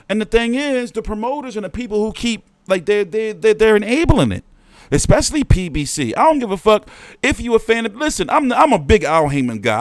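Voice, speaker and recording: Heated, profane male boxing ranter. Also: dry recording. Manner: profane, heated ranting with swings in pitch and volume. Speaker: boxing show host. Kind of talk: livestream rant.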